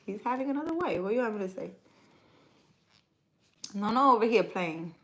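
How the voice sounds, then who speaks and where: A woman chatting live with her viewers in a loose, conversational way. She jokes and teases in one breath and lectures with earnest conviction in the next. Her pitch sits right in the middle, neither high nor low. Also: lively intonation, a little fast, poor audio. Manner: playful and teasing, then earnest and instructive. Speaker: livestream spiritual advisor. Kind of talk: casual livestream chat reading viewer comments.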